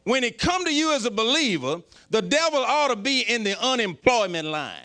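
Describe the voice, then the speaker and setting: A pastor preaching a folksy, joking sermon. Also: male voice, extremely high pitch, very animated, moderate pace, pushed and bright.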